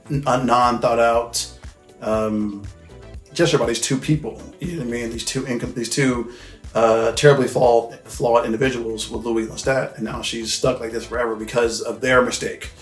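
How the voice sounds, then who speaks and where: A man hosting a casual movie recap, talking in a loose, rambling way, with lots of filler words and swearing. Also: medium pitch. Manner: loose, rambling and profane, full of "like" and "you know what I mean". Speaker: host. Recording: echoey room with faint music.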